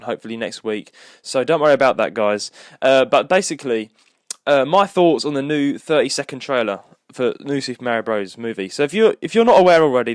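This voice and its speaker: A man's voice: medium pitch, no echo, clean studio sound. Young man rambling on a podcast. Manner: rambling, with many restarts and fillers. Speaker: podcast co-host. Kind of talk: casual solo podcast chat.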